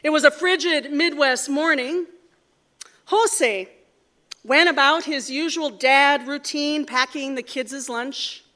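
A woman giving a sermon, telling stories in a measured, earnest way before leading a prayer. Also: sits high, sharp tone. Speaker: preacher. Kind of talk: sermon with storytelling.

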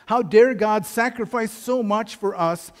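A middle-aged man gives a sermon in a slightly high voice, telling stories with wry humor. He preaches in an easy, conversational way, as a pastor talking to his congregation. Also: a little slow.

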